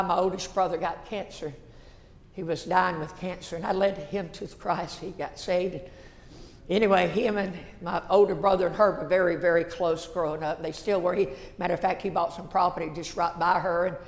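A man, a pastor telling a folksy story in a sermon that builds to shouted passion. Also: high-pitched. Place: church sanctuary. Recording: echoey church hall.

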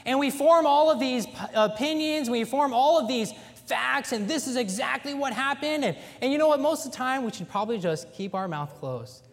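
A man with a strikingly high voice delivers a folksy sermon, leaning hard on key words as he tells his stories. His voice rings through a church with a long, echoing reverb. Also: normal speed, hardly any pauses. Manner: folksy storytelling with animated emphasis. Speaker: pastor. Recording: echoey church hall.

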